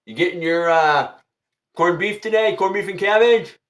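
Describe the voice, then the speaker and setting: Chatty high-voiced man hosting a livestream. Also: moderate pace, fairly bright tone. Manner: repetitive, chatty, greets viewers by name. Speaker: tarot reader hosting a livestream. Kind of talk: casual livestream chat.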